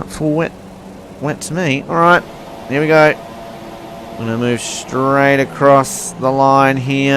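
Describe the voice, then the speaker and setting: A man's voice: mid-range voice, a bit bright. A young man giving rambling, self-mocking commentary while playing a racing game. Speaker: gaming commentator. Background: faint car engine noise.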